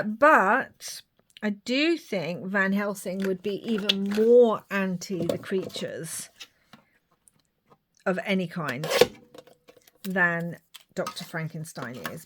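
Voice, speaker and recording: A woman talks through her crafting in a relaxed, slow way, musing aloud and sometimes dropping to a near-whisper. Her voice sits in an ordinary middle range. Faint noise lies under the recording. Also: medium pitch. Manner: chatty, thinking aloud, drops to whispers. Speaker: craft video maker. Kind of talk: casual crafting commentary.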